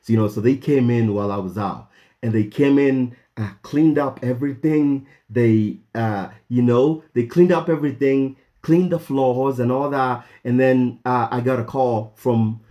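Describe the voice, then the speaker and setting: A young Kenyan vlogger tells a story with lots of animation, and his pitch leaps upward whenever he quotes himself. He talks at normal speed over lo-fi sound, with plenty of fillers and restarts.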